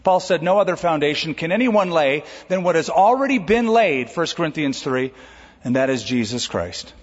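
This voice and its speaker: Lively preaching man in a reverberant hall. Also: fairly high pitch, normal speed, breathy edge. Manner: lively, conversational preaching with jokes. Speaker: pastor. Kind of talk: sermon. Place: church auditorium. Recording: dull recording with long hall reverb.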